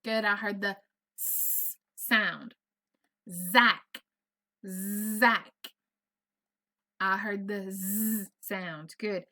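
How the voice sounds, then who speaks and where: A woman's voice: mid-range voice, steady tone, takes it slowly, sharp tone. A woman teaching an online first grade phonics lesson, patient and encouraging, carefully over-enunciating each sound. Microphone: computer mic on a video lesson.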